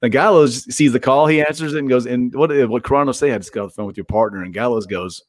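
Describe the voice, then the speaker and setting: A man's voice: medium pitch, fast talker, no echo, clean studio sound. A man telling stories as an interview guest in a rambling, profane way, acting out what people said to him. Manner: profane, rambling, acts out quoted dialogue. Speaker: guest wrestler. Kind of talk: casual storytelling interview.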